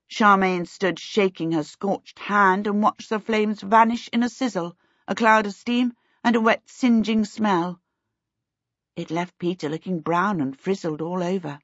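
A woman reading a storybook aloud in a measured, expressive narration. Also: medium pitch, no room sound, dull audio. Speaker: audiobook narrator.

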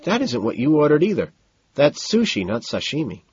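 Man putting on a smug, higher-voiced young businessman. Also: huge pitch swings, moderate pace, a little mellow, husky, no room sound, dull audio, heavily acted. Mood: puzzled.

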